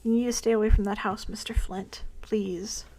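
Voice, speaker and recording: A woman's voice: mid-range voice, steady tone, moderate pace, mellow, lightly acted. Woman reading as a polite, pleading young man.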